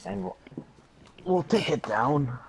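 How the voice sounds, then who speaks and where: A man's voice: fairly high pitch, expressive, slow, creaky, a little hiss or hum. A young man playing a tabletop game, talking animatedly, swearing and getting exasperated. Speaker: player. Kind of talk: casual tabletop play.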